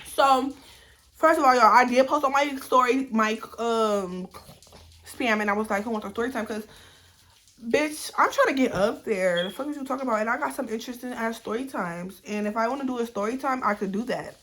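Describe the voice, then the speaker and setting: A woman's voice: fairly high pitch, brisk, fairly bright tone, roomy sound. A woman telling a storytime on her vlog, bluntly and profanely retelling a text-message argument in a heated voice.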